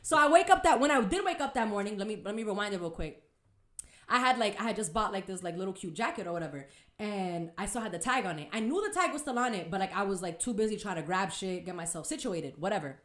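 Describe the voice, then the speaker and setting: A young woman, hosting a podcast and telling a story in a casual, animated way, full of slang and swearing. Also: mid-range voice, quick pace, roomy sound. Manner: animated, swearing, slangy retelling with acted quotes. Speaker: podcast host.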